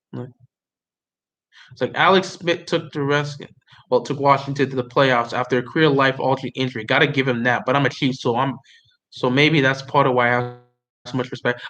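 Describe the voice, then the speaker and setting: High, bright-voiced excitable man. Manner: excitable, pleading and repeating himself. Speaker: livestreamer reacting to the draft. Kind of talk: casual live reaction chat.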